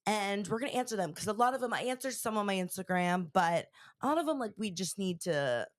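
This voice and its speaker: A woman's voice: medium pitch, fast talker, dry recording, clean studio sound. A young woman hosting a podcast in casual chat, rambling with many fillers while her voice recovers from being lost. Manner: chatty, rambling, lots of fillers. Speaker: podcast host.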